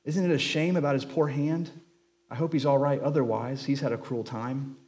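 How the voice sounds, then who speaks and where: A man voicing a hopeful young male hobbit gardener with excited high cries, reading a novel aloud in a sermon. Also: moderate pace, lightly acted. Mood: concerned.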